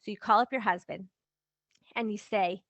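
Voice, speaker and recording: A woman's voice: mid-range voice, normal speed, no room sound. A woman hosting a podcast as a relationship coach, talking casually and acting out everyday examples in little voices. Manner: lively, acts out quoted examples in little voices. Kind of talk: casual advice talk.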